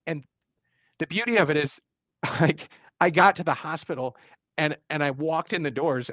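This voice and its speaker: Halting, emotional man with a raised voice. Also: fairly high pitch, a bit bright, dry recording, highs cut off. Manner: halting and emotional, many fillers and restarts. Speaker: podcast guest. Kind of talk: personal storytelling in a podcast interview.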